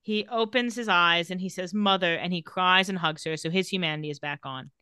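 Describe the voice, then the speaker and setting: A woman's voice: lowish voice, a little fast, sharp tone, smooth, no echo, studio quality. A woman casually recapping a TV episode and reading the characters' lines with light sarcasm. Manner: retells scenes and reads quotes with light sarcasm. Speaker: podcast co-host recapping a TV episode.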